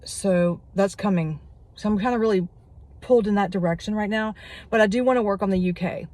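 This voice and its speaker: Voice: medium pitch, fairly quick, dry recording. A prediction vlogger in a casual solo monologue, rambling and getting worked up. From United States. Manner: excitable, gets worked up, rambling.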